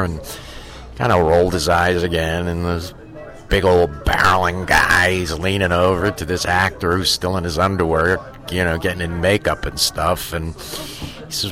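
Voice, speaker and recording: A man, an actor, telling a story from a film set in a casual interview, halting with fillers and restarts, swearing freely and acting out the people he quotes. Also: low-pitched. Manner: lively storyteller who acts out quoted voices.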